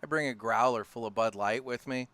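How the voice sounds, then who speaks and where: Easygoing male host from St. Louis, smooth resonant tone, mid-pitched, casual studio chat. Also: fairly quick, no room sound. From St. Louis area, USA. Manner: relaxed and laughing easily, with loose anecdotes. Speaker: podcast host.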